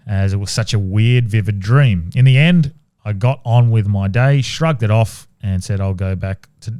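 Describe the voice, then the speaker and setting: A man with a lowish voice reads listener ghost stories on a podcast in a relaxed, offhand manner, often stumbling and restarting lines. The sound is dry and close to the mic, with no room echo. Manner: relaxed, swears casually, trails off and restarts while reading. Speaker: podcast co-host. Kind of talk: casual podcast chat, reading listener stories aloud.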